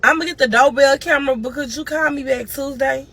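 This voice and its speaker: A woman's voice: sits high, a little fast, a bit bright. A grieving woman streaming live, telling a long emotional story and crying at times. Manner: tearful, cries and moans through the story.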